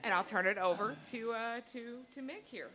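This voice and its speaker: A woman telling a personal story on stage to a live audience, animated and acting out the lines she quotes. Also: fairly high pitch, moderate pace, noisy background.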